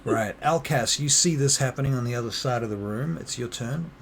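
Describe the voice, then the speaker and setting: A man narrating a tabletop game as game master, relaxed and full of fillers. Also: mid-range voice, a little fast, creaky, slight background noise.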